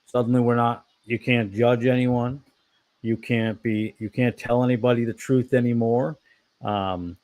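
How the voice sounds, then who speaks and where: A man's voice: mid-range voice, a little mellow. A man hosting an online fellowship talk, preaching in a casual, rambling way, giving blunt opinions and often correcting himself. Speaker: online fellowship discussion host.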